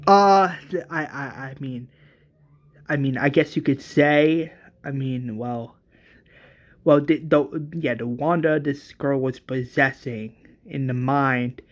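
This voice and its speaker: An unhurried voice reviews a film as a heated rant, sounding exasperated and excitable. Sentences often break off and restart, and swear words slip in. The pitch sits in a middle range. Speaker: movie reviewer. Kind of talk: ranting movie review.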